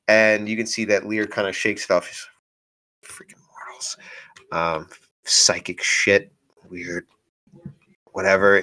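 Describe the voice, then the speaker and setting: A man's voice: lowish voice, bright, forceful tone. A man narrating as game master in a casual, playful, rambling way, with many fillers.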